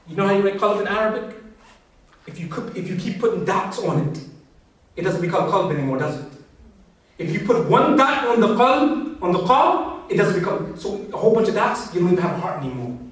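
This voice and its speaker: A man's voice: high-pitched, very animated, fairly quick, pauses often, distant mic. A man giving a passionate, conversational religious talk and addressing his audience directly. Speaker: speaker. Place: large echoey hall. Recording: echoey hall, voice from afar.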